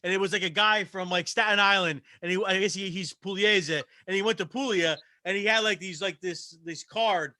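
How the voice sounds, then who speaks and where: A man, a guest chef in a casual chat, talking quickly with many stammering restarts. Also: sits high, bright, forceful tone, dry recording. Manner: stammering restarts, talks fast.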